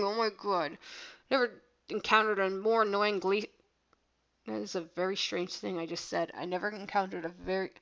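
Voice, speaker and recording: A woman's voice: medium pitch, bright, forceful tone, muffled recording. A woman giving casual gameplay commentary over her own battle, rambling and self-deprecating, with lots of "like" fillers.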